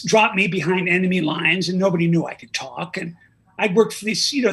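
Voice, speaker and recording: A man voicing an old talking dog in a joke, rambling through a tall tale, with a gravelly, husky voice. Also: high-pitched, a bit bright, exaggerated voice.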